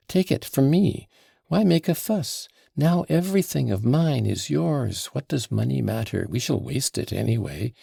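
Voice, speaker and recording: A man's voice: medium pitch, vocal fry, warm tone, breathy edge, no echo, exaggerated voice. A man voicing an impulsive, emotional young woman who is tipsy and pleading, in an audiobook reading. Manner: pleading, breathless.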